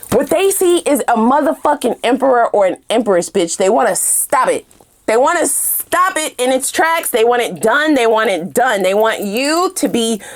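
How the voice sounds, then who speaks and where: Heated woman reading tarot cards, aave, cussing a lot, high voice that jumps around a ton. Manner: fiery and profane, swinging from low mutters to high shouts. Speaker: tarot reader.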